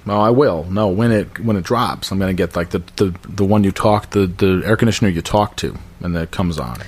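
Male podcast co-host, low voice, casual and profane, quick to laugh. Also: a little mellow, breathy edge. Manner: loose, profane, laughs often, slips into mock voices. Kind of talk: casual chat.

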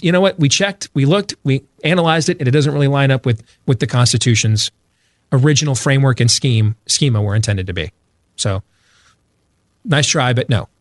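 A man's voice: on the high side, no echo, studio quality. A man giving opinionated talk-show commentary, emphatic, repeating phrases for force. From Iowa, US. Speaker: radio show guest.

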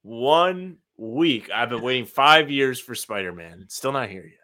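A young man co-hosts a laid-back podcast, rambling through everyday stories. His voice has a bright, forward edge. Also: medium pitch, expressive, fairly quick. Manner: chatty anecdotes, many "like" fillers. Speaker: podcast co-host. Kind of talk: casual chat.

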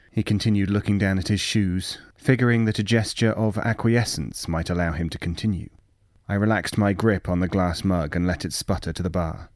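A man narrating a first-person period story in a measured, wry reading. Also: low voice, fairly even intonation, no echo, clean studio sound. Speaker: audiobook narrator.

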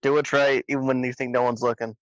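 A man's voice: medium pitch, flat delivery, fast, no echo, lo-fi sound. A man in his thirties co-hosting a podcast, blunt and matter-of-fact in casual chat. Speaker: podcast co-host.

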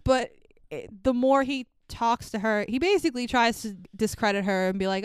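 A woman talks through a film's plot in loose, profane chat, jumping into the characters' voices as she goes. Her voice is smooth and very clear and sits a little high. The sound is close and dry, with no room around it. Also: normal speed, no room sound. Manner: animated, swears freely, acts out characters' lines. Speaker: podcast co-host. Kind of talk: casual movie recap chat.

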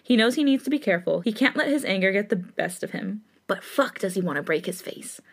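A woman podcast host reading fan fiction aloud in steady third-person narration, with laughing asides. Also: medium pitch, fairly quick.

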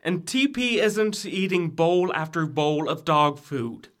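A man's voice: a little high, lively intonation, slow, fairly bright tone. A young man acting a sarcastic frat brother in a college audio drama, with dry quips. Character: wry young male frat brother Jimmy. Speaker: student actor in audio drama.

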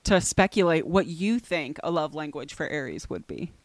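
A woman's voice: sits low, animated, normal speed, no echo. Woman podcast co-host, casual and giggly, loose filler-heavy chat, dead-dry close recording. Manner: chatty, laughs often, lots of fillers.

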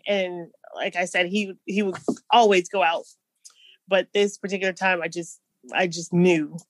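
A woman telling personal stories in an interview, halting and restarting, with soft nervous laughs. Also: fairly low pitch, steady tone, no room sound. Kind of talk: personal storytelling.

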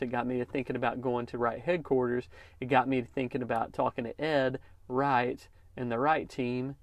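A man talks casually on his podcast, telling a story and encouraging his listeners. His pitch sits in an ordinary middle range. The close mic gives a dry sound with no room echo. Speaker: podcast host, lawn care business owner. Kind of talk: casual motivational podcast talk.

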